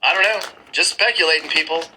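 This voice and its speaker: A man's voice: on the high side, quick pace, sharp tone, a little hiss or hum, rough recording. A man giving casual, sarcastic commentary while scrolling through maps, with chuckling asides, recorded on a phone. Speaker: screen-recording vlogger. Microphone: phone screen-recording mic.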